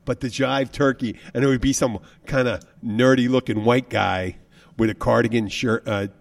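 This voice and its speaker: A man talks in a loose, rambling way as he spins out a comic idea in casual conversation. His voice sits at a middling pitch. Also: fairly even intonation, moderate pace, creaky. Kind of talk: casual joking chat.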